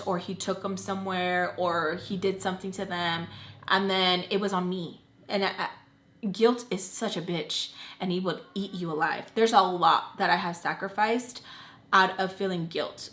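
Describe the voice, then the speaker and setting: A young woman vlogger telling a personal story in a casual, animated, blunt way, swearing freely. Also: medium pitch. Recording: echoey room.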